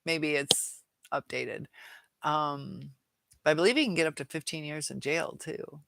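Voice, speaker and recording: A woman hosting a casual live chat, reading out viewer comments, chatty and quick to laugh. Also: low-pitched, vocal fry, a bit bright, no room sound.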